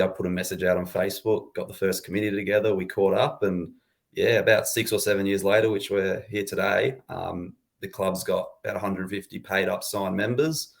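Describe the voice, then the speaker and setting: A young Australian man in his twenties, a guest chatting casually and relaxed on a podcast, laughing easily. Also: low-pitched, vocal fry. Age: 20s. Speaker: guest, supporters' club founder.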